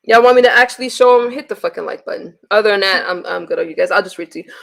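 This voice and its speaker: A woman's voice: mid-range voice, rapid-fire, gravelly, fairly bright tone. A woman on a live stream, bluntly venting with heavy swearing and reading messages aloud to her viewers. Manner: blunt and profane, exasperated. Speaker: livestreamer.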